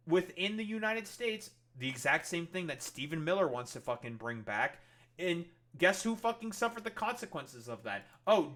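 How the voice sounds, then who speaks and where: Male streamer raging over a debate clip: cursing nonstop, sarcastic, edgy bright tone, sits a touch high. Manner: heated, swears constantly, sarcastic. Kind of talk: profane ranting commentary.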